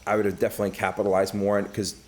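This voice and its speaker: Talking very fast in a low-leaning voice, a middle-aged Brooklyn, New York man is a podcast guest telling stories. The chat is casual and profane, and he animatedly performs the voices of the people in his tales.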